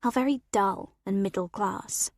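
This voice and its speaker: A woman narrating a first-person story as an audiobook reader, expressive and animated, on a close studio mic. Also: mid-range voice, unhurried, no echo.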